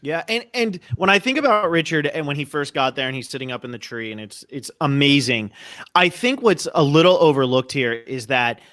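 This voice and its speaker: Bright, dry-sounding podcast host. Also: male voice, a little high, expressive, a little fast, no room sound. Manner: enthusiastic, repeats words as he starts sentences. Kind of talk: casual podcast chat.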